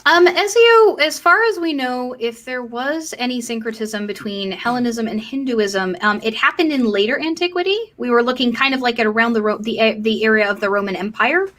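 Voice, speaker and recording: Woman, high voice, bright tone, non-American English accent, blunt, swears freely, livestream chat. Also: fairly quick, few pauses. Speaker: co-host of a Q&A stream.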